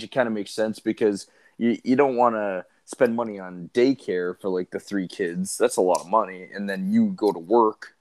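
A man's voice: on the low side, normal speed. A man chatting casually as a podcast co-host, reacting in short, easygoing replies. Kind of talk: casual chat.

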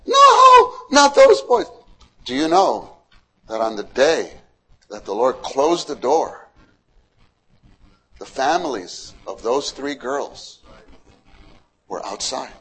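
A man's voice: mid-range voice, slow, long pauses, slightly rough, low-quality recording. A man preaching a sermon, quizzing the congregation and retelling stories with animation. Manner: questions to the congregation, animated storytelling.

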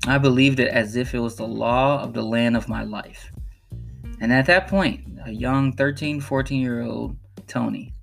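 A man's voice: mid-range voice, gravelly, fairly bright tone. Earnest man telling a personal story. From Chicago. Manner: earnest, emphatic, repeats phrases for emphasis. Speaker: podcast host.

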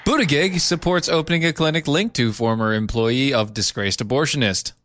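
A man's voice: mid-range voice, brisk, a bit bright, no echo, clean studio sound. A man co-hosting a casual news commentary show, reading headlines aloud with sarcastic asides. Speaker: co-host.

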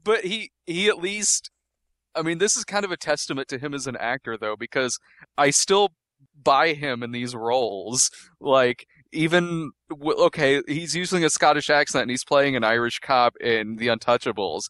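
A man's voice: mid-range voice, lively intonation, moderate pace, fairly bright tone, dry recording, studio quality. A man co-hosting a podcast, chatting casually about movies, laughing often and hedging with many likes. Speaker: podcast co-host.

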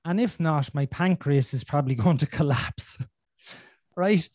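Man, forties, blunt and sweary, fairly high voice, dry close sound. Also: measured pace, darkish tone, no echo. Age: 40s. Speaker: podcast host. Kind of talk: casual conversation.

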